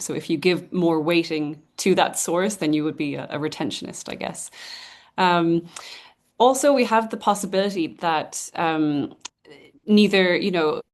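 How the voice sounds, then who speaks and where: Woman giving an academic lecture. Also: on the low side. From Ireland. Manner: explanatory, measured, often pausing to rephrase. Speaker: guest lecturer.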